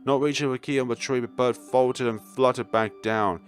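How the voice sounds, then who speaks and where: A young man reading a visual novel aloud, throwing in animated asides and jokes. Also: medium pitch, a little fast, faint music behind. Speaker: gaming YouTuber.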